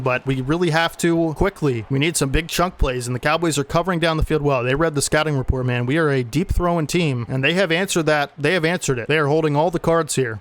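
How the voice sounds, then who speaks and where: A man's voice: a little high, a bit bright. A man giving casual play-by-play commentary on the football video game he is playing, sportscaster-style, often adding "man" and getting exasperated at bad plays. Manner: exasperated when plays go wrong. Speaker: gaming YouTuber.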